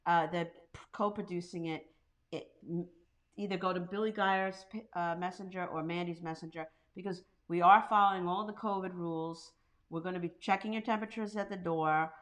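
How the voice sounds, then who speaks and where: A woman's voice: lowish voice, fairly even intonation, moderate pace. A woman with a New York accent, co-hosting a comedy chat show and reading out viewers' comments. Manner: chatty, reads out comments. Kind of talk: casual chat.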